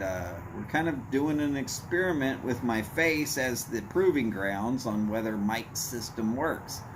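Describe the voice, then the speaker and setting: Slow, blunt-sounding man streaming. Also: on the high side, a little hiss or hum. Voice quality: tone others hear as angry. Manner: blunt, talks in meandering asides. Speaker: livestream host reading chat. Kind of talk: casual rambling chat.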